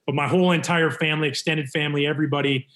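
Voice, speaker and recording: A man from Canada tells his stories with energy, and his voice rises and falls as he acts out each person's words. He talks in a relaxed, casual way, like a guest swapping tales on a show. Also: a little high, rapid-fire. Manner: animated storyteller acting out quotes. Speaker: former baseball pitcher, guest. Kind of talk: casual storytelling interview.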